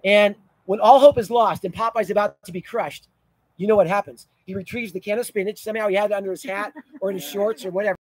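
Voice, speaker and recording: A man's voice: high voice, fairly even intonation, fast, slightly rough, poor audio. A middle-aged man preaching a sermon as pastor, telling vivid stories, his voice rising and falling in volume. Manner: storytelling preacher, rises and drops in volume.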